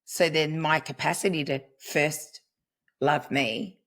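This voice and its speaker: A middle-aged woman speaking as a guest practitioner in a podcast conversation, earnest and unhurried with emphatic pauses. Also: sits low, fairly even intonation, a bit bright. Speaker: guest, family constellations practitioner.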